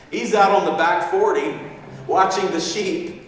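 Man preaching, story-driven, chuckling, slightly high voice, heavy hall echo, distant mic. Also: unhurried, a little hiss or hum. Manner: animated, acts out quotes, chuckles often. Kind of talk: sermon storytelling. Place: large echoey hall.

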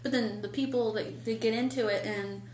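A woman's voice: a little high, fairly even intonation, normal speed, reverberant, a loud crowd. A woman co-hosting a podcast, ranting in a heated, exasperated way with swearing. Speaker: podcast co-host. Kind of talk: casual chat.

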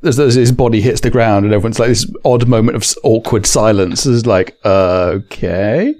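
A man's voice: medium pitch, steady tone, fairly quick, a little mellow. A man playing a tabletop game, blunt and joking as he declares his moves. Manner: blunt, jokey. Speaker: player.

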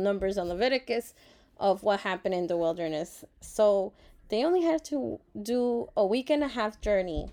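A woman's voice: medium pitch, mellow. A woman giving a casual Bible devotional reading, reflective and earnest, with many fillers, who talks openly about feeling emotional and grateful. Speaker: Bible study vlogger.

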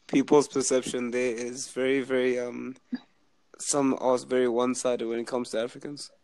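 Gravelly young Zimbabwean man chatting. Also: mid-range voice, moderate pace, no room sound. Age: young adult. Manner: chatty, animated storyteller. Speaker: university student. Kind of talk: casual video chat.

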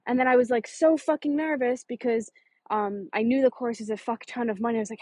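Woman business coach, higher husky voice, dry close sound; blunt, profane, punchy. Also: fairly even intonation, darkish tone, dry recording. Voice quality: swears freely, emphatic. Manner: fast, punchy delivery with sudden stresses. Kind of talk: casual motivational monologue.

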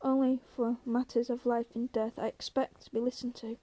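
A vast, ancient tree monster that makes grand and menacing proclamations in a slow, booming voice, as a woman reads him aloud. The voice sits high but stays level in pitch, with a mellow, dark tone, like a storybook giant. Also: flat delivery, no room sound, natural voice. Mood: ominous.

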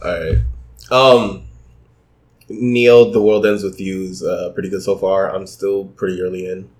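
A man chatting casually on a podcast, laid-back and slangy, quick to laugh. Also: low-pitched, level tone. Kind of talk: casual chat.

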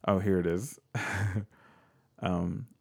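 A man's voice: low voice, flat delivery, very slow, gravelly, darkish tone, slightly rough. A man co-hosting a casual chat, reading facts aloud and riffing on them in a jokey, offhand way, swearing freely. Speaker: podcast co-host.

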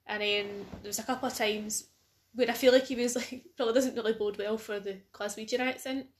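Scottish lass chatting on a podcast, bit high voice, laughs a lot, swears. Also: female voice, steady tone, brisk. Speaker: podcast co-host. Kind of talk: casual chat.

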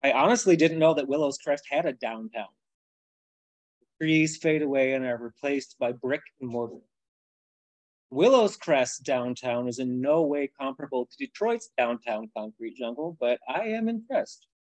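A man author reading his novel aloud in plain, even first-person narration over a video call. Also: medium pitch, normal speed, dry recording, rough recording.

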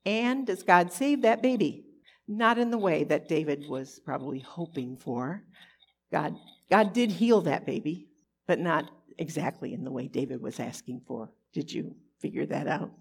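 Bible teacher, female, husky and lowish, lively, keeps quizzing her listeners. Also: moderate pace. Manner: peppers the telling with rhetorical questions to listeners; animated and expressive. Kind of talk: conversational Bible lesson.

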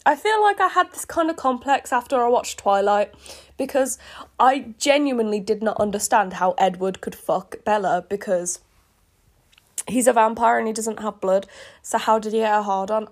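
A woman's voice: medium pitch, moderate pace. Giggly woman cringing at her own writing. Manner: giggly, self-mocking, cringing. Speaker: reader of her own old fan fiction. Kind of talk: embarrassed read-aloud commentary. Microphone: earphone listeners, close mic.

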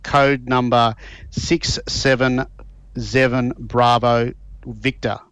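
A man, a regular on a radio show, telling jokes in a deadpan, mock-serious way. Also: medium pitch, slow pace, clean tone, rough recording. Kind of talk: casual radio banter.

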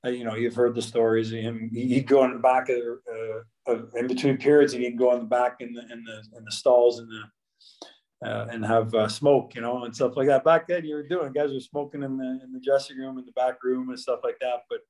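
A man's voice: mid-range voice, fairly even intonation, brisk, warm tone, low-quality recording. A man in his fifties, a former pro hockey player, telling long stories as a guest in a casual interview, full of restarts and fillers. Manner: rambling, with many restarts and fillers.

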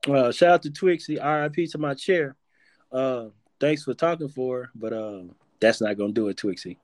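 A man's voice: medium pitch, moderate pace, dry recording. A man hosting a live audio-room show, talking loosely and profanely as he teases his guests. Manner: loose, profane, teasing banter. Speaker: podcast host.

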